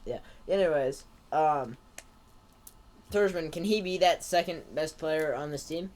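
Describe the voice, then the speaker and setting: A man co-hosts a casual sports podcast with a voice a touch high for a man. He breaks down the game in a dry, joking manner. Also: unhurried, darkish tone. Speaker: podcast co-host.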